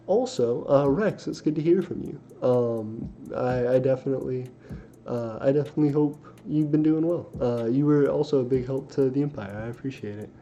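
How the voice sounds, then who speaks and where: Casting a young man to host a casual stream: keep it dark and mellow, ramble a little, stop and correct yourself, and read the chat comments off the screen. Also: medium pitch, normal speed. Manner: rambling, many fillers and self-corrections. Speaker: livestream host. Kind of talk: casual livestream chat, reading viewer comments aloud. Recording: dull lo-fi stream audio with faint hiss.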